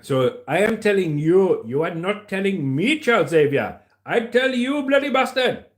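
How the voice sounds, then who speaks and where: Man doing a hawking market trader, Indian accent, singsong, loud, high. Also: sing-song, moderate pace. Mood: boastful. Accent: put-on Indian accent. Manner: singsong, bold, repeating his calls. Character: loud, cheerful male market trader hawking cheap fish.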